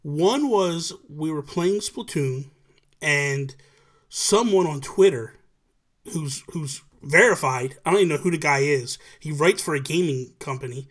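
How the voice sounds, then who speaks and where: Male show host with a higher voice, chatty and animated, acts out quotes, on a video call. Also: a little slow. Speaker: podcast host. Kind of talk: casual livestream chat.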